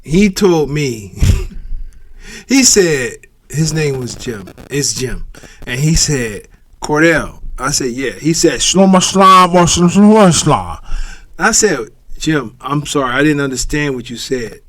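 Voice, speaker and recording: A man with an Erie accent co-hosting a casual podcast, joking and animated, who says he mumbles. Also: mid-range voice, slow pace, no room sound. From Erie, Pennsylvania. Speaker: podcast co-host. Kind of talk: casual chat.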